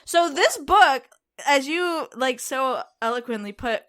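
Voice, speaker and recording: A woman's voice: high voice, lively intonation, slow pace, a bit bright. A woman co-hosting a podcast in casual chat, talking with lots of fillers, restarts and laughter. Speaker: podcast co-host.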